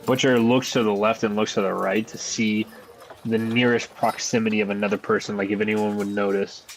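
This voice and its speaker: A man playing a tabletop game on a voice call, with a blunt, terse way of talking. His voice sits somewhat low, and faint background noise runs underneath. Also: steady tone, a little fast. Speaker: player. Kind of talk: casual tabletop play.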